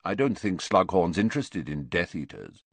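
Male narrator voicing a haughty teen boy, low, cold and clipped. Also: big pitch swings, moderate pace, vocal fry, husky, dry recording, heavily acted. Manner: cool, indifferent, clipped.

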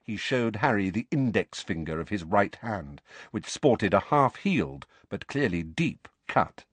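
A man narrating an audiobook in a measured, expressive way, close to the mic. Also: on the low side, husky, no echo. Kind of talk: scripted narration.

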